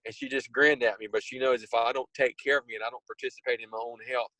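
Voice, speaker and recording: A man's voice: mid-range voice, steady tone, fast talker, sharp tone, no room sound, poor audio. A man in his sixties hosting a video call, giving a motivational talk with emphatic repetition. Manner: emphatic, repeats key words. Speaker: host.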